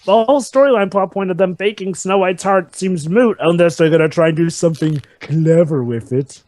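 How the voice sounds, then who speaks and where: A man's voice: high voice, fairly quick, darkish tone, no echo. A man giving casual movie commentary with friends, asking incredulous questions about the plot.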